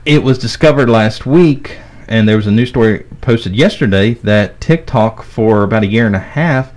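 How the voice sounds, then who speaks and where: A man's voice: lowish voice, normal speed, a little mellow. A man co-hosting a podcast and explaining tech step by step in casual chat. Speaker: podcast co-host.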